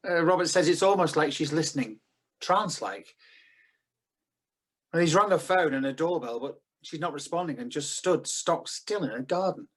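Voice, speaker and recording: A man with a British accent playing a calm, serious paranormal expert who is relaying messages over the phone in a radio drama. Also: fairly high pitch, moderate pace. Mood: grave. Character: calm, grave male paranormal doctor. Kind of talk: amateur radio-play acting.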